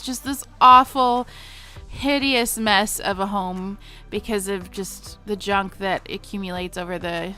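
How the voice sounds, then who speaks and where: A woman's voice: mid-range voice, bright, forceful tone. A woman in her late twenties with a Southern American accent, chatting casually and rambling over her gameplay with fillers and self-mocking asides. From Missouri. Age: 20s. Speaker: gaming vlogger.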